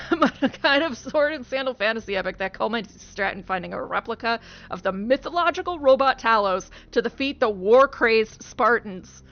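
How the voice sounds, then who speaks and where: A woman's voice: fairly high pitch, animated, normal speed. A young woman giving casual, giggly game commentary, rambling and correcting herself as she goes. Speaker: let's play streamer. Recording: dull lo-fi sound.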